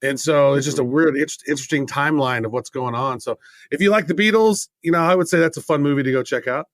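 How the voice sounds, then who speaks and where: A man's voice: fairly high pitch, quick pace, a bit bright, no echo. A man co-hosting a podcast, chatting in an easygoing, rambling way. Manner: rambling, easygoing, with playful mock voices. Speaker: podcast co-host. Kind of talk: casual podcast banter.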